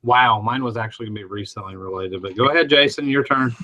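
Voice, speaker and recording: A man's voice: medium pitch, fast, highs cut off, background noise. A middle-aged man from Alabama, chatting on a podcast panel and telling rambling, self-mocking stories. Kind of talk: casual podcast chat.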